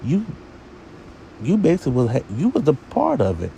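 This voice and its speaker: Sassy man with a gravelly voice. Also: a little high, wildly swooping pitch, normal speed, dark tone, slight background noise. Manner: sassy, talks straight to viewers. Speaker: TV show reviewer. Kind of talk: casual opinionated rant.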